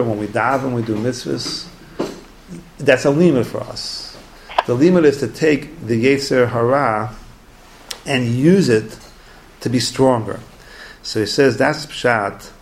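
A man teaching a Torah class through animated, conversational storytelling. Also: mid-range voice, vocal fry, slight background noise.

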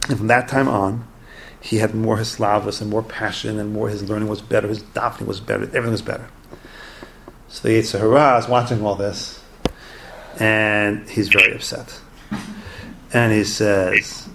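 A man teaching a Torah class through animated, conversational storytelling. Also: lowish voice, moderate pace, gravelly, a little hiss or hum.

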